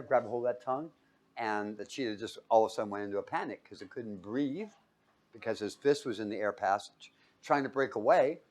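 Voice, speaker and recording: A man preaching in a casual, storytelling way, often chuckling and asking his listeners questions. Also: medium pitch. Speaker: preacher teaching a Bible study. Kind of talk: casual sermon.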